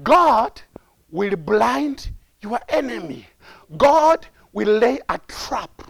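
A man preaches a sermon in a strikingly high voice that rises and falls a lot. He talks slowly and repeats his lines for emphasis. The sound is dry and close. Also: big pitch swings, vocal fry, slightly rough, dry recording. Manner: emphatic, repeats phrases, laughs often, acts out crying prayers.

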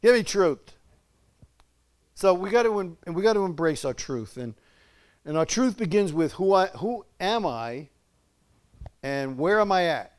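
A man's voice: sits high, animated, normal speed. An older man preaching a conversational sermon, folksy and chuckling, often asking his listeners questions.

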